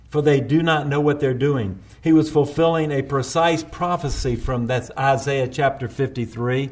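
A male preacher delivering a sermon, building intensity through repeated refrains and slowing down for quoted prayers. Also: mid-range voice, darkish tone.

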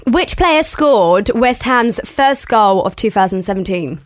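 A woman's voice: on the high side, animated, dry recording, clean studio sound. Bubbly, teasing young woman host. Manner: bubbly, teasing, quick to laugh. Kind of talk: casual chat.

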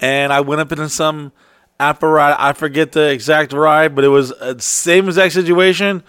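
A man's voice: on the high side, steady tone, normal speed, a bit bright, smooth, no room sound, clean studio sound. A man bantering in casual chat, cracking profane jokes and jumping in with mock quotes.

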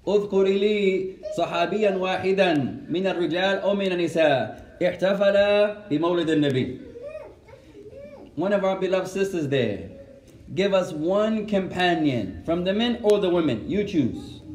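Animated man teaching in an echoey room. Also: high voice, a little fast, a little hiss or hum. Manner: animated, switches between Arabic and English, asks the class questions. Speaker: Islamic teacher. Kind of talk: classroom religious lesson.

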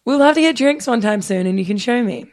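A woman's voice: on the high side, lively intonation, a little mellow, voice pushed up, natural voice. Woman putting on a smarmy, crooning man. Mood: smarmy, flirty. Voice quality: smooth, crooning. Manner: suggestive, slow, overly smooth. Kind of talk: reading text messages aloud in a put-on voice.

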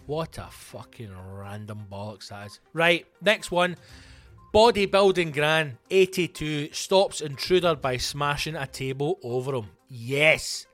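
A man's voice: fairly high pitch, a little slow, fairly bright tone, no echo, soft background music. A Scottish man hosting a comic podcast, ranting animatedly with plenty of swearing. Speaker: comedian and podcast host.

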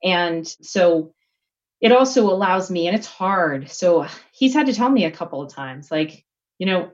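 A woman's voice: fairly low pitch, lively intonation, a little slow, lo-fi sound. A middle-aged woman giving a candid, reflective interview answer, full of fillers and restarts. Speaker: guest executive.

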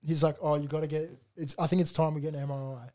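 A young man holds forth in loose podcast banter. He rants and swears as he retells his phone calls, his voice sitting a little high. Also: flat delivery, fast, mellow. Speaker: podcast co-host. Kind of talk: casual chat.

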